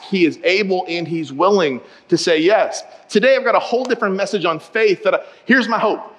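A man with a notably high voice preaching in a church auditorium, with the long reverb of a big hall behind every line. He tells personal stories with humor and turns to the congregation often, keeping things lively and direct. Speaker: pastor. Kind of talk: sermon with humorous storytelling.

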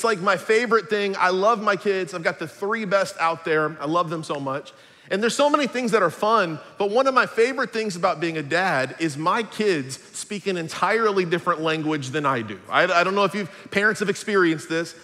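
A pastor, preaching an upbeat, jokey sermon. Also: male voice, sits high, sharp tone, long reverb tail. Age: 40s.

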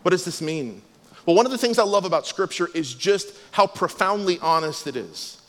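A man preaching a sermon as pastor, earnest and emphatic, often dropping to a soft, low voice. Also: expressive, moderate pace. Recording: long hall reverb.

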